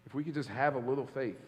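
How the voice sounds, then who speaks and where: A man, a church elder, preaching a sermon, telling a personal story and acting out the quoted dialogue. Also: mid-range voice. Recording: hall reverb.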